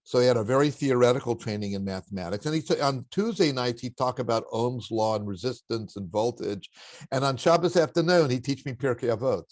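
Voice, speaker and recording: An older man from Los Angeles, a guest telling reflective stories from his childhood with many halting restarts. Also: mid-range voice, animated, darkish tone, dry recording. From Los Angeles, USA. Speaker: interview guest. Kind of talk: reflective storytelling.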